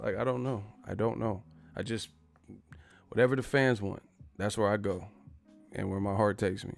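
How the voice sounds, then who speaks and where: A man's voice: fairly low pitch, steady tone, fairly quick, vocal fry, soft background music. A man hosting a casual boxing live stream, talking loosely and profanely and reading out viewer messages. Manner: laid-back, profane, reads viewer messages.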